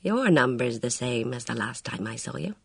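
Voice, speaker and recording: A reader voices a reserved police chief inspector who mutters his thoughts. The voice drops a little lower and quieter than the narration. Dry, close sound. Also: very animated, moderate pace, creaky, husky, no echo, full character voice. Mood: musing. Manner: low-key, musing.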